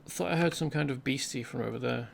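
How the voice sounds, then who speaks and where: A man's voice: medium pitch, quick pace, gravelly, slight background noise. A man hosting a let's play, rambling chattily through gameplay commentary and correcting himself as he goes.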